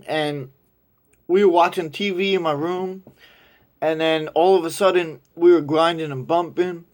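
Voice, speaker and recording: A young man telling a crude personal story in a casual, rambling way, animated when quoting others. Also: on the high side, measured pace.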